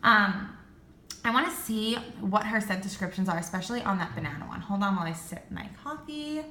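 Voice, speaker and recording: A young woman chats through a candle haul in an excitable, gushing way, tossing in filler words as she goes. Her voice is bright and forward. The room around her rings with noticeable echo. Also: mid-range voice, fairly quick, a little hiss or hum. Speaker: beauty and candle vlogger. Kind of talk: casual product review.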